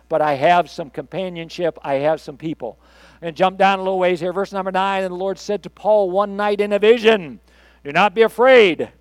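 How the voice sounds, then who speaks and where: An older man preaching a recorded sermon in a fairly high voice. He talks conversationally, pushing some lines out loud and dropping others to quiet asides. The sound is dry and close, with no room echo. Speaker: pastor.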